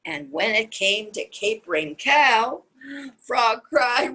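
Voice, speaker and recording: Slow, sing-song older woman storyteller. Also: a little high, animated, sharp tone, poor audio. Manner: sing-song, asks the young listener questions. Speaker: children's storyteller. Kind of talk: reading a picture book aloud to children.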